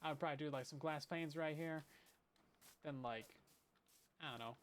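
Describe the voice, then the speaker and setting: Speaking at a moderate pace in a voice on the high side, a man streams himself playing a survival game, offering meandering Minecraft commentary that often pokes fun at himself.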